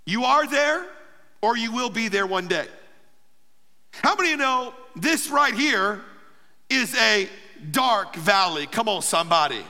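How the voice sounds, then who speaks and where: High, bright-voiced preaching man. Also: expressive, measured pace, vocal fry, long pauses, in a large hall. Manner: emphatic preaching with call-and-response. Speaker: pastor. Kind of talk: sermon.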